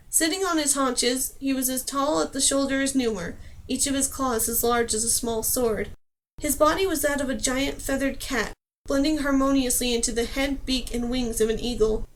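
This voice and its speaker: A woman reading a fantasy novel aloud, in steady, clear scripted narration. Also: sits high. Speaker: audiobook reader.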